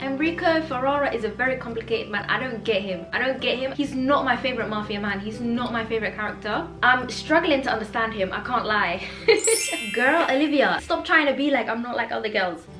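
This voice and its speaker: A young woman chatting casually in a reading vlog, outspoken and animated as she reacts. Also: a little high, a little fast. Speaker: book vlogger. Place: home room. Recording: roomy echo, faint background music.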